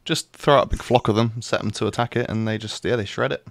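A man's voice: lowish voice, quick pace, gravelly. A man chatting casually and laughing easily. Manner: laughing, easygoing. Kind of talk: casual chat.

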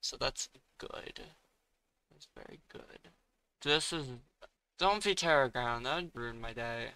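With a medium-pitched, bright, forceful voice, smooth and lively in intonation, this young man talks slowly while playing a competitive game. He streams casual commentary, muttering his thoughts and bursting out in sudden frustration.

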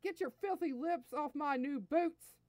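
Woman reader doing a haughty male alien prince, barks insults and orders, sneering; dry close sound, slightly high voice. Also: a little fast, darkish tone, dry recording, lightly acted. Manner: barking, scornful commands.

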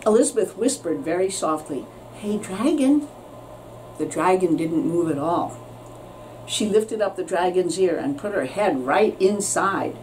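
A woman teacher reading a children's story aloud with expressive storytelling, recorded with a distant mic and faint noise. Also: on the low side, normal speed.

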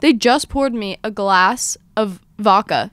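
A woman in her twenties hosting a podcast, telling a story in casual chat with lively, dramatic retellings of her own quotes. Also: medium pitch, takes it slowly, no echo. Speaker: podcast host.

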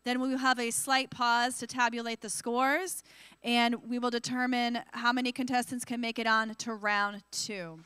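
Bright, clear-voiced woman announcing a contest. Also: on the high side, level tone, moderate pace, dry recording. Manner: friendly, with occasional um fillers. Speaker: teacher hosting a school poetry contest. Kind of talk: announcing at a live event. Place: school auditorium.

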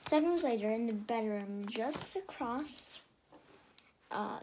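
Woman reading a kids' book, lively, trips over words a lot, slight hiss. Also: on the high side, takes it slowly. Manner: lively, with frequent stumbles and restarts. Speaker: reader. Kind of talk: storybook read-aloud.

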